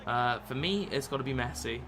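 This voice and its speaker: This twenty-something British streamer keeps up relaxed, rambling chatter and game commentary late at night, swearing plenty. He speaks fairly quickly in an expressive mid-range voice, with background noise.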